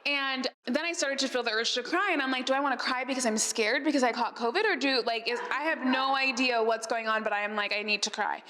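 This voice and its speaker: A woman's voice: high-pitched, fast, few pauses, bright, forceful tone. A woman hosting a podcast who answers questions at a live gathering, telling stories in a chatty way full of "like" fillers and laughs. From Arizona, USA. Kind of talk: storytelling Q&A talk. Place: event space. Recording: long reverb in a hall.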